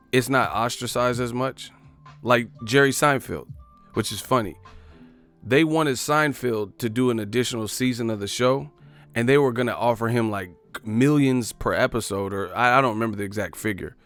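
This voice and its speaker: A man's voice: mid-range voice, clean tone. A man hosting a live boxing talk stream in a casual, profane, riffing style, telling stories animatedly.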